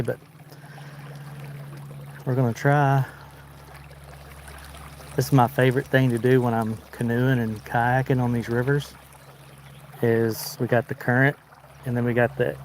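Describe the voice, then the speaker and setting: A man's voice: mid-range voice, a little mellow, slight background noise. A man with a Southern American accent from Arkansas, chatting casually on a fishing livestream while wading a river and answering viewers. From Arkansas, United States. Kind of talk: casual live-stream chat. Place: outdoors wading in a river under a bridge.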